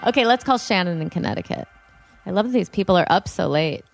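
A woman co-hosting a podcast, gently encouraging a caller. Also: fairly low pitch, expressive, fast talker, gravelly, faint music behind. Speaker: podcast co-host. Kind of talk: casual podcast chat.

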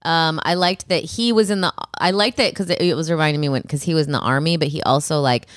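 A woman co-hosting a podcast in casual comedic chat, relaxed, wry and chatty. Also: sits low, fast, no room sound, clean studio sound. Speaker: podcast co-host.

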